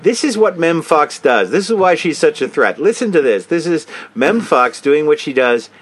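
A man's voice: on the high side, sing-song, moderate pace, slightly rough. A man hosting a comedic commentary, mocking and swearing casually while reading a statement aloud. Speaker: host.

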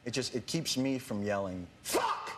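A man guesting on a talk show, joking in a deadpan, halting way with lots of fillers. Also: mid-range voice. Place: TV studio with audience. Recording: loud studio audience noise in broadcast clip.

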